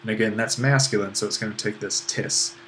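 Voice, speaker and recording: A man's voice: fairly low pitch, steady tone, fairly quick, fairly bright tone, a little hiss or hum. A man teaching a recorded online lesson on Greek accents, explaining step by step in an easygoing way, with fillers and self-deprecating asides. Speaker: Greek language instructor.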